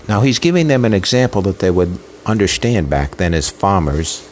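A man's voice: low-pitched, sing-song, moderate pace, a little mellow, a little hiss or hum. A man preaching a sermon with an impassioned, emotional delivery built on rhythmic repetition. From Italian heritage.

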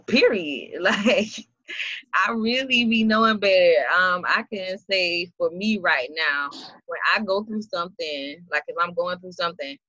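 Bright-voiced woman host, easy laughter. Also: on the low side, measured pace, no room sound, dull audio. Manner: laughs easily, loose and relaxed. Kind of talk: casual chat.

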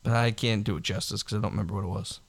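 A man's voice: on the low side, fairly even intonation, vocal fry. Laughing man recapping films casually. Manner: laughing, profane movie retelling with quick impressions. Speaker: podcast co-host. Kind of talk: casual chat.

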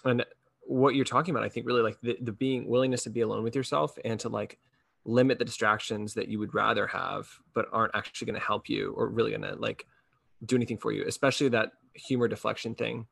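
A man's voice: fairly low pitch, steady tone, fast, vocal fry, a bit bright, breathy edge, no echo, clean studio sound. A man hosting a conversation, explaining ideas in a reflective way with frequent fillers. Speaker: host. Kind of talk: conversational podcast talk.

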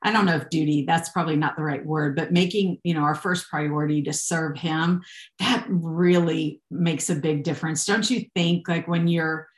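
A woman's voice: deep voice, steady tone, moderate pace. A woman guest on a faith podcast, talking earnestly about serving God, rambling through restarts and growing emotional. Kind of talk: casual faith conversation. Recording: echoey room.

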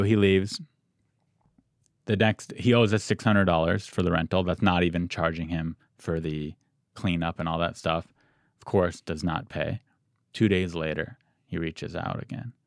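A young adult man who owns a podcast studio tells an animated, self-deprecating story in casual chat on a close studio mic. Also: low-pitched, creaky, no room sound.

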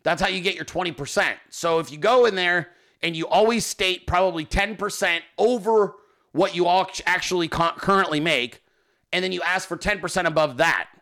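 A man hosting a podcast in casual, profane, joking chat, quick to laugh. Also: sits high, sharp tone. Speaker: podcast host.

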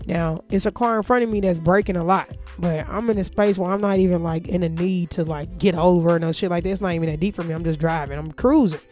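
A woman's voice: fairly low pitch, fast, few pauses, darkish tone, faint music behind. Woman telling a profane story. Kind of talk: casual storytime.

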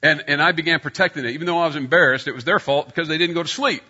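A middle-aged man preaching a sermon, telling a personal story and getting loud when he acts out scenes. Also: a little high, rapid-fire, slightly rough, highs cut off.

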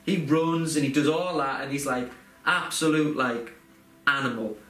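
With faint music behind him, a young man speaks at normal speed in a pushed, bright, medium-pitched voice. He's telling a personal story during a casual podcast chat, rambling and sincere with lots of fillers and restarts, in a roomy, echoey recording with faint background noise.

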